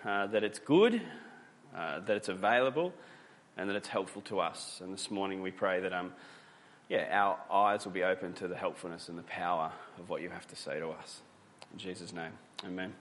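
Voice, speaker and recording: A man's voice: sits low, moderate pace, fairly bright tone, in a large hall, a little hiss or hum. A man preaching a sermon as pastor, talking conversationally and telling stories, with many fillers and restarts.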